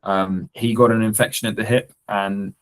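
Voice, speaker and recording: A man hosting a casual podcast conversation, curious and keen to explain. His voice is a little on the low side and he speaks at a relaxed, conversational pace. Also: normal speed, rough recording. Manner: inquisitive and explanatory. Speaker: podcast host.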